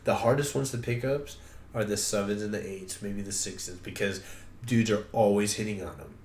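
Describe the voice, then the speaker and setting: A man co-hosting a casual podcast chat, rambling and swearing freely with bursts of excitement. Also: lowish voice, normal speed, slight background noise. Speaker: podcast co-host. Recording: roomy echo.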